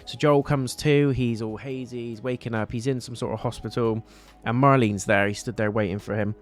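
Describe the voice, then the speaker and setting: A man's voice: medium pitch, steady tone, brisk. A man giving a casual spoken review of a TV episode, recapping scenes in a chatty way and loosely paraphrasing the characters' lines.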